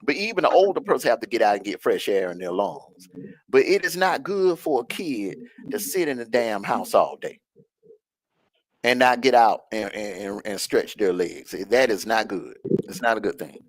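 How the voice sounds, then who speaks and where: A man's voice: on the low side, sing-song, moderate pace, no room sound, rough recording. Emphatic Southern man on a stream. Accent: Southern US, Georgia. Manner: emphatic, repeats key lines. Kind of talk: casual chat on a live stream. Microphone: video call.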